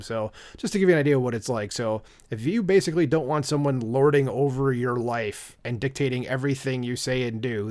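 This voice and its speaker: A man's voice: mid-range voice, a little mellow. Indignant, rambling male vlogger. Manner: indignant, sarcastic, rambling with fillers. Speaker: channel host. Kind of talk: opinion commentary vlog.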